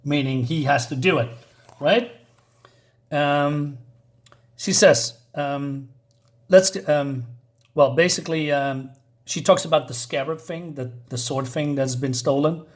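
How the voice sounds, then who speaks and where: Chatty man with a somewhat high voice. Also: slow, pauses often. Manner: chatty, many fillers and asides. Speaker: comic book reviewer. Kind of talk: casual review talk.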